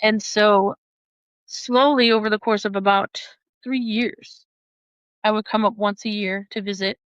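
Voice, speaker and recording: A woman who is a podcast guest, telling a personal story in an animated way, often laughing and acting out the voices of other people. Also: mid-range voice, a little slow, clean tone, dry recording, highs cut off.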